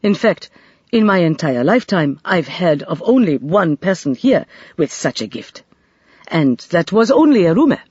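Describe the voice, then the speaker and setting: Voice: mid-range voice, sing-song, moderate pace, a little mellow, breathy edge, dry recording, lo-fi sound. A narrator voicing a reserved male police inspector with a clipped English accent in an audiobook.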